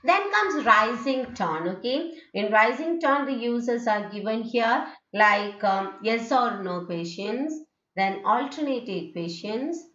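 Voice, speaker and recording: This female teacher's voice runs on the high side, expressive and slightly bright, and she speaks slowly with hardly any pauses. Her lecture covers English intonation; she explains patiently, keeps saying "okay," and reads examples aloud. It was recorded in an echoey room with a dull, lo-fi quality.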